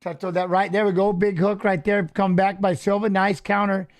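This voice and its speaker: A middle-aged man hosting a fight watch-along, chatting casually and coaching the fighters aloud with excited calls. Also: high-pitched, a little fast. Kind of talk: casual live fight commentary.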